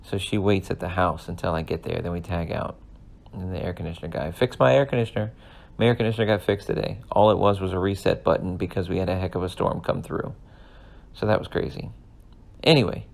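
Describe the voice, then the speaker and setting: Podcast host, thirties man, low and gravelly, earnest rambling storyteller. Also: a little mellow. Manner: rambling, earnest, emotional at times. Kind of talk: casual storytelling monologue.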